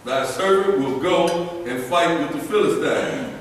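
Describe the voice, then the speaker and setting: A man reading scripture aloud in a steady, measured way for a study group. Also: on the high side, heavy reverb, in a large hall, far from the mic, a little hiss or hum, rough recording. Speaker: scripture reader.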